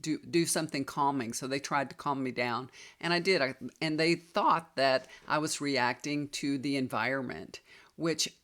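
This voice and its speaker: A woman's voice: a bass voice, normal speed, a bit bright. Lady in her 50s, chatty and confiding, talking straight to her viewers. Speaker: tarot reader and healer. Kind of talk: personal storytelling vlog.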